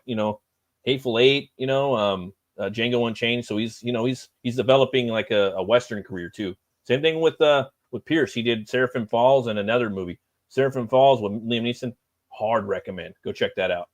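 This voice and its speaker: A man's voice: mid-range voice, fairly quick, dry recording. A middle-aged man hosting a live stream, chatting loosely and profanely with lots of fillers. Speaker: livestream host. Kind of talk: casual live-stream chat.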